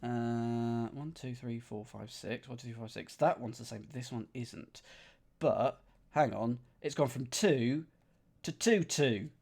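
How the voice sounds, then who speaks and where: A man streams a puzzle game and reasons out each level aloud. He counts squares under his breath and talks casually to his viewers. His voice sits in an ordinary middle pitch. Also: unhurried, vocal fry, darkish tone. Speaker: gaming streamer.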